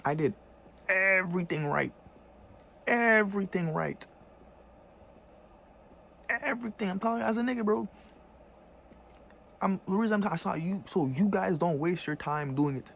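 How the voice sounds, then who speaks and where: Brisk and creaky, this man's high-pitched voice drives a heated vlog rant with slight background noise. The delivery is casual and full of profane slang, with "bro" and "you know what I'm saying" repeated often.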